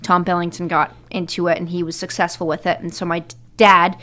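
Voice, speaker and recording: A woman's voice: fairly low pitch, level tone, brisk, sharp tone. Woman interview guest, casual and chatty, full of fillers, acts out quotes.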